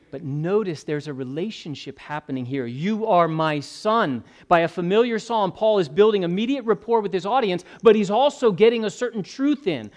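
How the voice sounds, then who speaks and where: A man's voice: on the high side, a little mellow. A male pastor preaching an expository sermon, mixing conversational asides with rising emphasis.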